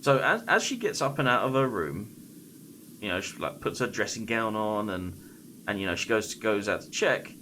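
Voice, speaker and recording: A man streaming a game while casually retelling a scary story, halting and full of fillers and restarts. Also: lowish voice, big pitch swings, pushed and bright, slight background noise.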